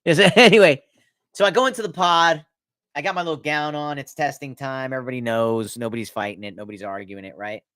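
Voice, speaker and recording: A man telling stories about his past work in a casual chat, animated and laughing often. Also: fast talker, no echo. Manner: animated, laughs often, acts out inmates in a loud high voice. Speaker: podcast guest. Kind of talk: casual storytelling.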